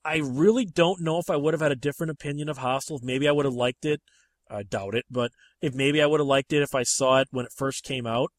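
A man hosting a casual movie chat, talking in an animated, emphatic way. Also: fast, dry recording. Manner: animated and emphatic, with sharp rises in pitch when making a point.

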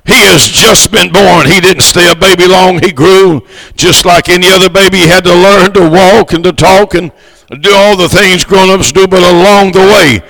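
A high, bright-voiced man preaching a fervent sermon, his tone shot through with gravel. He builds to shouts and stretches out the words he wants to land. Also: fairly even intonation, moderate pace, poor audio. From United States. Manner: fervent, swells to shouts, draws out key words. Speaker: missionary preacher.

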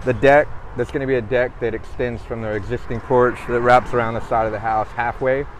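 A man, hosting a casual livestream chat in a relaxed, slangy way. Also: mid-range voice, a little fast, a little hiss or hum, rough recording. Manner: relaxed, laughs easily, slangy. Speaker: coffee shop owner and host.

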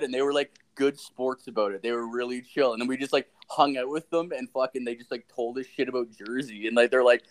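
Fairly quick and barely pausing, a young Canadian podcast host from Ontario spins a rambling, animated story in a mid-range voice. The chat is casual and he swears constantly throughout.

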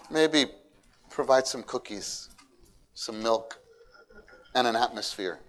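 An animated male preacher giving a sermon to a congregation. His volume swings from soft asides to loud, emphatic exhortation. He sits at a middle pitch and breaks into voiced quotes of the people he talks about. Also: slow, long pauses. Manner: animated, shifts between quiet and loud. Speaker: church speaker.

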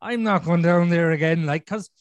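A man's voice: a little high, normal speed, dull audio. A man with an Irish accent talking bluntly and swearing freely as a podcast guest in a casual conversation.

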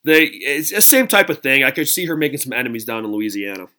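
A man co-hosting a podcast in casual chat, animated and quick to imitate other people in high voices. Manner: animated, jumps into high mimicking voices when quoting. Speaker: podcast co-host.

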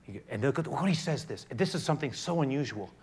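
A man preaching a sermon, who swings from hushed to loud and often restarts and repeats himself as he builds. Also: medium pitch, animated, quick pace, slightly rough. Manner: frequent restarts and repetitions. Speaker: pastor.

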